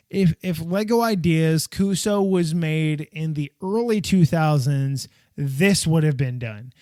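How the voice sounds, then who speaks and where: A man's voice: on the high side, darkish tone, no echo, studio quality. A middle-aged man hosting a podcast, giving blunt, sarcastic opinions in casual commentary. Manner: blunt, dismissive, sarcastic asides. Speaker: podcast host.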